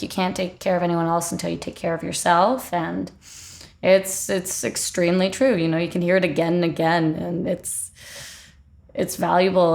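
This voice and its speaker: A woman's voice: on the low side, gravelly, darkish tone. A woman hosting a podcast interview, affirming her guest and thinking through her points, with frequent fillers. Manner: affirming and thoughtful, many fillers. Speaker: podcast host. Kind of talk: interview conversation.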